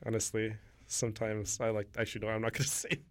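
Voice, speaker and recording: A man's voice: fairly low pitch, monotone. A man co-hosting a casual podcast chat, making crude jokes and laughing often. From Canada. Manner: crude joking, frequent laughter, drawn-out teasing. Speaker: podcast co-host.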